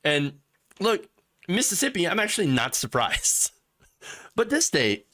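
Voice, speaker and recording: Speaking in a high voice at a measured pace, a man from Michigan hosts casual political talk. He comes across as sarcastic and animated, chuckling a lot.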